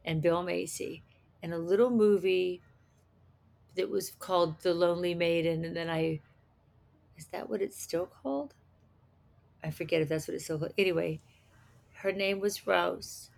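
A middle-aged woman guest in a casual interview, often halting and restarting her sentences. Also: fairly low pitch, creaky.

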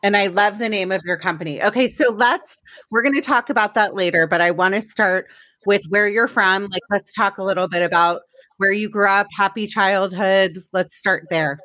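A woman hosts her podcast in a chatty, rambling way, laughing at her own shortcomings. Her voice sits at a middle pitch and sounds dry and close to the microphone. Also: moderate pace, bright, forceful tone, no echo. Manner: chatty, rambling, self-mocking. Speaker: podcast host. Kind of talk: casual self-deprecating chat.

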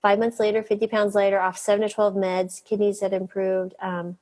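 A middle-aged woman doctor telling lively stories in an interview, laughing often and mimicking the people she quotes. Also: medium pitch, brisk. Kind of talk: storytelling in an interview.

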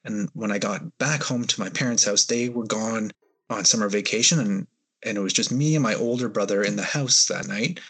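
A man's voice: on the low side, normal speed, a bit bright, breathy edge. A man, a guest on a podcast, tells a personal story in a hesitant, rambling way with many fillers. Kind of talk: storytelling in an interview.

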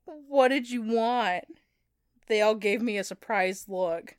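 A woman's voice: fairly high pitch, takes it slowly, clean tone, dry recording, clean studio sound. A young woman co-hosting a comedy podcast, reading fan fiction aloud and often breaking into laughter.

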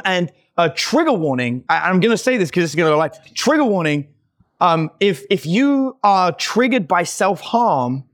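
A man talking as a podcast guest, telling lively stories and acting out the people he quotes, with lots of "like" fillers. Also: high-pitched. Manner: animated, acts out quoted voices, many "like" fillers. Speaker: podcast guest, dating company owner. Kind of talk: casual conversational storytelling.

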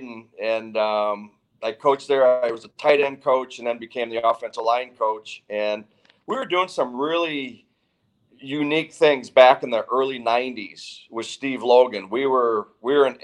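An older male football coach from Wisconsin with a mid-pitched voice. He talks in a chatty, easygoing way and often restarts his sentences while he tells his stories. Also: normal speed, poor audio. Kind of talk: casual interview storytelling.

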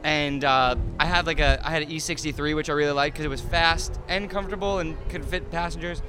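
A man's voice: fairly high pitch, fairly even intonation, a little fast, music in the background. A man in his thirties, an interview guest chatting casually about his cars, rambling with lots of fillers and restarts.

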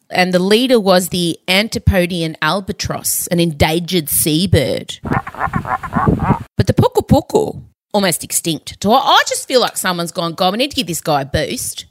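A woman's voice: on the low side, very animated, normal speed, no echo. A woman co-hosting a podcast, telling news stories in a chatty, giggly way. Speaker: podcast co-host. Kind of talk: casual chat.

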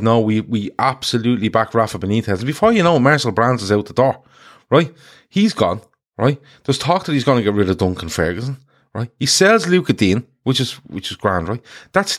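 A man hosts a casual football chat show and rants his way through stories. He swears freely and drops into mocking voices for the people he quotes. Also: medium pitch. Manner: swearing, animated storytelling with mocked quotes. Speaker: podcast host.

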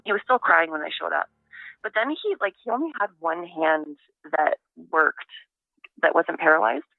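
A woman giving an interview over the phone, telling her story in a halting, reflective way. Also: deep voice, expressive, creaky, no room sound. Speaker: interviewee, daughter of the subject. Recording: narrow tinny phone line.

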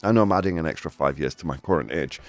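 A man's voice: rumbling low, quick pace, no echo, faint music behind. A man in his forties hosting a live show with a jovial, playful manner and frequent laughs. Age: 40s. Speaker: host.

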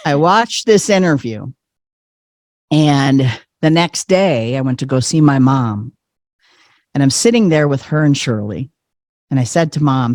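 Animated man telling a laughing story. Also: on the high side, normal speed, no room sound, clean studio sound. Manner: animated, laughing, acts out quotes. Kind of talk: personal storytelling.

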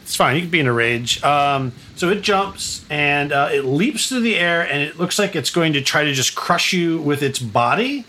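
A man narrating a tabletop game as game master, halting and restarting his sentences. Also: fairly high pitch, animated, bright, forceful tone.

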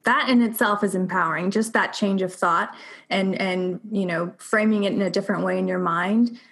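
A woman's voice: medium pitch, steady tone, moderate pace, vocal fry, fairly bright tone. A woman hosting a podcast, asking questions and affirming her guest, with many casual fillers. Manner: affirming, uses filler words like "like" and "you know". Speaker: podcast host. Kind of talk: supportive interview chat.

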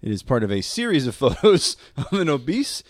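A man's voice: medium pitch, sing-song, a little fast, dry recording, clean studio sound. A man co-hosting a podcast in casual chat, wry and laughing, with short replies. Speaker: podcast co-host.

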